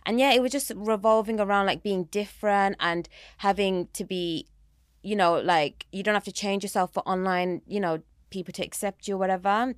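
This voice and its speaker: A woman's voice: medium pitch, fairly even intonation, normal speed, clear, resonant tone, no echo, studio quality. A young woman, a guest telling her story in casual chat, full of "like" and "you know". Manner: chatty, uses many fillers like "like" and "you know".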